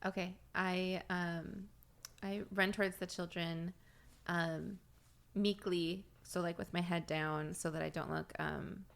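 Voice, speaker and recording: Creaky-voiced woman playing a tabletop game. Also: on the low side, steady tone, takes it slowly. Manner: describes actions with many fillers. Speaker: player. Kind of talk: casual tabletop role-play.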